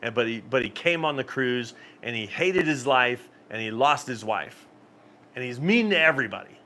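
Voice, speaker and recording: Man, mid-pitch, easygoing live-stream host, rambles and laughs through stories. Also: expressive, normal speed, pushed and bright, a little hiss or hum. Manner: rambling storyteller, frequent laughs and restarts. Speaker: cruise channel host. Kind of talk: casual live-stream chat.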